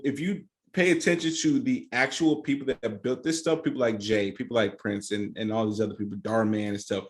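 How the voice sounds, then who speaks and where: A man guest on a podcast explaining social media strategy in an emphatic, animated casual way. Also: mid-range voice. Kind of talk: casual interview chat.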